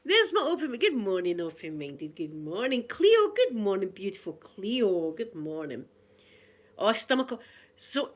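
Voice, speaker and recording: An older Scottish woman, a grandmother, chatting casually on a livestream and greeting viewers by name. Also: mid-range voice. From Scotland. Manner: chatty, warm greetings to viewers, frequent laughter. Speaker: livestream host. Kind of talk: casual live chat with viewers.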